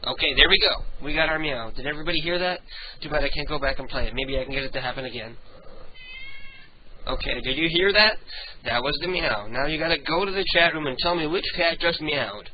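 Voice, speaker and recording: Rambling, crude male host, slightly high voice, dull lo-fi sound. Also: fairly quick, slight background noise. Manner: crude, rambling, self-mocking. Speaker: radio show host. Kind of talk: late-night internet radio banter.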